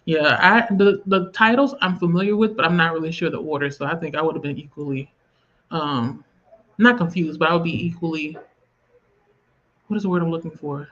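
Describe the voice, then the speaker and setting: A woman's voice: sits low, brisk, fairly bright tone. Chatty Southern woman, lo-fi stream audio. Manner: chatty, rambling, reads viewer comments aloud. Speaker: livestream host. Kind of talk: casual livestream chat. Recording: slightly dull lo-fi stream audio.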